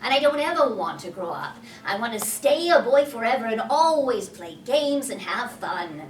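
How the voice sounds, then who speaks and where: A woman's voice: fairly high pitch, very animated, normal speed, a little hiss or hum. A woman playing Peter Pan, a cocky boy. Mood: boastful. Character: boastful boy who never grows up. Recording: roomy hall from a distance.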